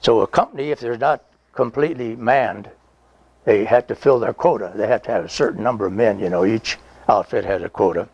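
A man's voice: lowish voice, a little fast, darkish tone, slightly rough, no echo, dull audio. A man in his nineties, a veteran being interviewed, telling a rambling, folksy story with chuckles and reenacted dialogue. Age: 90s. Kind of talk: conversational oral history storytelling.

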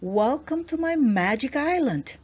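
A kindly storybook magic girl who greets strangers in a slow, singsong lilt, as a woman reader puts her on. Her voice sits a little high. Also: sing-song, gravelly, dark tone, husky, exaggerated voice.

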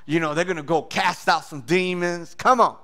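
A man preaching a sermon as a pastor and sharing his testimony, animated and acting out voices with loud bursts. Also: a little high, moderate pace, creaky.

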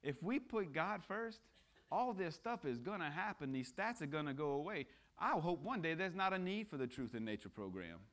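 A man's voice: on the high side, sing-song, normal speed, a bit bright. A man speaking as a guest at church, preaching a casual sermon that mixes jokes with earnest appeals and frequent restarts. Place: church sanctuary.

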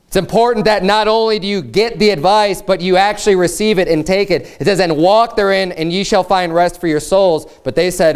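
A man's voice: high-pitched, brisk, hardly any pauses, clean tone. Earnest preaching pastor, man. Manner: earnest, emphatic preaching with repeated phrases; reads scripture aloud in formal old style. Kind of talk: sermon.

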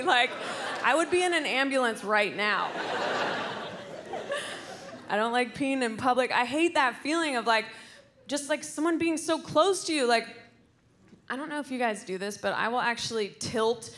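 A woman's voice: on the high side, lively intonation, normal speed, long pauses, background noise. A woman performing a rambling, self-deprecating stand-up set on stage in front of a live audience. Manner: rambling, self-deprecating, with loud put-on voices. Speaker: stand-up comedian. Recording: live crowd recording. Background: audience laughter.

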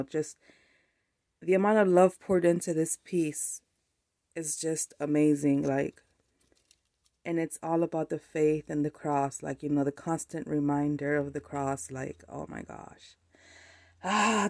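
Gushy lady unboxing craft mail, lowish voice, keeps drifting off mic, gets all teary and excited. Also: no echo, studio quality. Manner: gushing, excitable, tearful at times. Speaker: craft vlogger. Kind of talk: casual unboxing chat.

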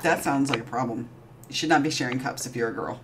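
A woman's voice: rumbling low, fast talker, slight background noise. A woman streamer in casual late-night chat, giggly and rambling, often restarting her sentences.

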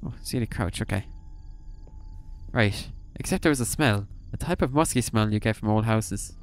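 A man's voice: lowish voice, animated, moderate pace. A young man playing a horror game for video, reacting with sudden swearing and reading the game's text aloud. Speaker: gaming YouTuber. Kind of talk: horror game let's play commentary.

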